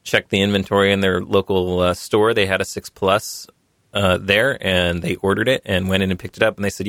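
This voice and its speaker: Low-voiced man hosting a tech podcast. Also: a little fast, dry recording. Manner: relaxed, chatty, reads sponsor spots conversationally. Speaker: podcast host. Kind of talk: casual tech podcast talk.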